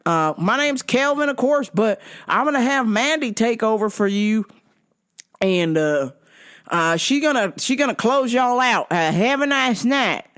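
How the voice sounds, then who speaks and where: A woman's voice: a little high, expressive, measured pace, fairly bright tone, pitched above the performer's own voice. A woman voicing a friendly, easygoing young male waiter with casual service patter.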